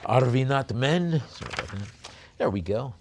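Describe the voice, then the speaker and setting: A man working as an auctioneer, describing each lot in a relaxed, joking way, then chanting the bids quickly. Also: medium pitch, slight background noise. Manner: rapid bid chanting between chatty, joking descriptions. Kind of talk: live auction calling with item descriptions.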